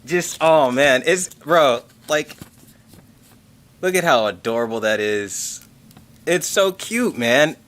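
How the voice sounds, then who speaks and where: A man hosting a tech livestream in casual chat, excitable and rambling, swearing casually and thanking members. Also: a little high, takes it slowly, long pauses. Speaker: tech channel host reading member messages on a livestream.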